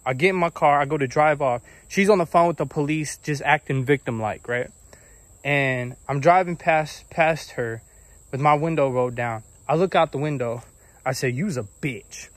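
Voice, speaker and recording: Young man, storytime vlog, animated, acts out quotes, fairly high voice, dry sound. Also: normal speed, no echo. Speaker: vlogger. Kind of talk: casual storytime monologue.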